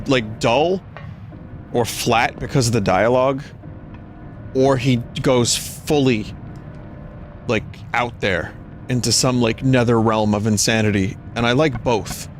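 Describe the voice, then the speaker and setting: A man's voice: mid-range voice, a little hiss or hum. A man streaming a game, chatting casually and rambling between jokes, swearing now and then. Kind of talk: casual gameplay commentary. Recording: game music behind the voice. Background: game music.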